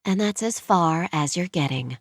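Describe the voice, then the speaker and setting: Brief: sarcastic professional woman, quick tart comebacks, voiced by the female narrator. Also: fairly low pitch, lively intonation, no room sound, clean studio sound. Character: sharp-tongued young professional woman.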